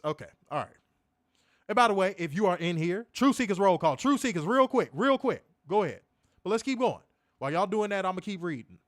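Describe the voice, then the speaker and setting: A man casually reviewing a wrestling show on a livestream, animated and profane, full of slang, reading viewer chat aloud. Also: high-pitched, dry recording, studio quality.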